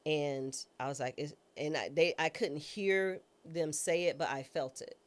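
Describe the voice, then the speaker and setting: Unhurried and informal, this former judge and trial attorney shares a personal story as a guest, her low, grounded voice staying in its lower register. She tells it with energy, acting out the voices of the people she quotes.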